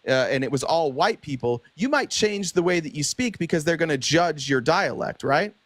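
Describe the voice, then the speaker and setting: A man's voice: a little high, lively intonation, moderate pace, a bit bright, no room sound. A man in a heated live debate, pressing hard and repeating his questions.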